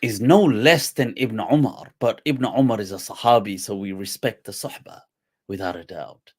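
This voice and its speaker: A man voicing a witty, laid-back male scholar who answers in a relaxed, teasing way, with a husky voice. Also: fairly low pitch, normal speed.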